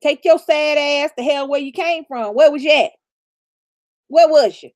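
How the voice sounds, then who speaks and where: A woman's voice: high voice, moderate pace, darkish tone, no echo, studio quality. A woman giving blunt, profane relationship advice in a casual live chat, laughing often. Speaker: livestream co-host.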